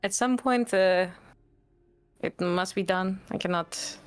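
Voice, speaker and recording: A woman's voice: medium pitch, slow pace, clear, resonant tone, faint music behind. A woman player speaking formally and courteously in character during a tabletop game.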